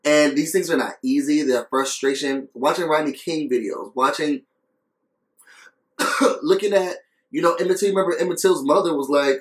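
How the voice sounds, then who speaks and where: A man's voice: fairly high pitch, normal speed, reverberant, poor audio. A man talking earnestly in a casual vlog review, coughing between phrases and repeating himself for emphasis. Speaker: video reviewer.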